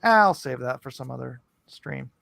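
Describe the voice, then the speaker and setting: A man's voice: medium pitch, animated, unhurried, gravelly, a bit bright, no echo. A man hosting a livestream in casual chat, talking in a rambling, loose way with frequent restarts. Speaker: livestream host and comic artist.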